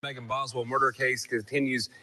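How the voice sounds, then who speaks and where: A male TV news anchor reading a story in a measured, steady delivery. His voice is bright and forward, set at a middling pitch.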